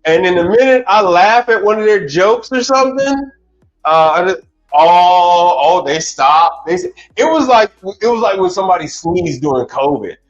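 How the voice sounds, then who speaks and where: A man's voice: high-pitched, lively intonation, brisk. Casual chatty man on a livestream. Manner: casual, repetitive, starts over a lot. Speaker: commercial appliance technician hosting a livestream. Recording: dull sound with faint music.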